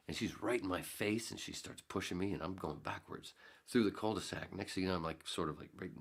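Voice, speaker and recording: Low and gravelly, this podcast host's voice moves fairly quickly as he spins a meandering tale. He curses freely and plays out scenes with abrupt jumps in his voice, all in a casual way.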